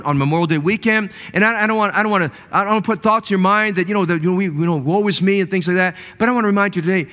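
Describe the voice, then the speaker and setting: A man's voice: sits high, racing, few pauses, bright, forceful tone. A man preaching a sermon as pastor, building into emphatic, rising cadences with repeated phrases. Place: church sanctuary. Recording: long church reverb.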